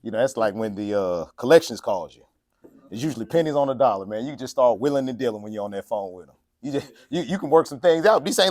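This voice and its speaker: High-voiced preacher guy, jokes and laughs a lot, bounces all over in pitch. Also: animated, brisk, no room sound, clean studio sound. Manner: folksy and joking, laughs often, acts out quotes. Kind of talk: conversational sermon.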